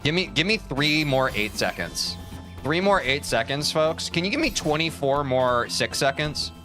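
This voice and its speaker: A man's voice: on the high side, lively intonation, moderate pace, bright, forceful tone, soft background music. A man streaming a platform game, joking and rambling at his chat and mocking himself. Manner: jokey, rambling, self-mocking, talks to chat. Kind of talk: casual live-stream commentary while playing.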